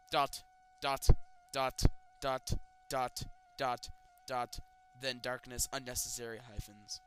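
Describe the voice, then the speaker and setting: A young man reading creepypastas aloud and mocking them with sarcastic comments and loud outbursts. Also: mid-range voice, steady tone, takes it slowly, few pauses, faint music behind. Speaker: creepypasta reader. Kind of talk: comedic dramatic reading with commentary.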